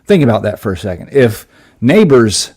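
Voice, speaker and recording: A man's voice: mid-range voice, sing-song, moderate pace, darkish tone. A man co-hosting a casual sports podcast, talking through a matchup with frequent ums and restarts. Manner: hesitant, lots of fillers, builds an argument. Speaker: podcast co-host.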